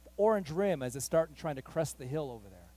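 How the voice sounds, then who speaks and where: A man pastor telling a story in a sermon, animated and acting out the voices of the people in it. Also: fairly high pitch, quick pace. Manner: animated, acts out quoted voices, rising excitement. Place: church.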